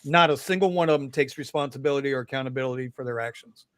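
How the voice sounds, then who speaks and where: A man's voice: mid-range voice, quick pace, smooth, dry recording. A man hosting a rideshare podcast, speaking bluntly and cursing freely. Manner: blunt, profane, fired up. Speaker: podcast host. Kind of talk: casual podcast chat.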